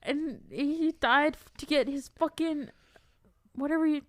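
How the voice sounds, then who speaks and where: A woman's voice: high-pitched, a little slow, dry recording, clean studio sound. A woman co-hosting a podcast, chatting casually about a film, swearing freely and acting out her own reactions. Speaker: podcast co-host.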